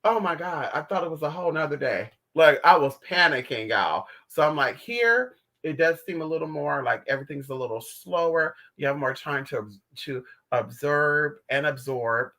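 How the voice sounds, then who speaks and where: A man chats casually with his livestream viewers, sassy and profane, calling them honey. His voice sits a little high and sounds bright and forward. His pitch leaps around constantly, with theatrical flair. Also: animated, normal speed, hardly any pauses. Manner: theatrical outbursts while retelling stories. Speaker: livestream host answering viewer chat.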